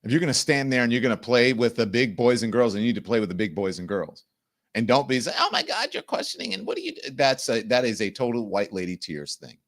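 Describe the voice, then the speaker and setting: A man's voice: mid-range voice, fast. Male host, live political commentary; blunt and indignant, swears, mid-range voice. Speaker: show host.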